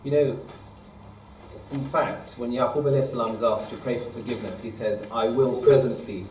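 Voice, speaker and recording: A man, an imam, leading a Quran study lesson, explaining verses at length and reciting Arabic quickly, recorded in an echoey mosque hall from a distance. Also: mid-range voice, fairly even intonation, a little mellow, slight background noise. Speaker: imam teaching a study circle. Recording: echoey room, mic far off.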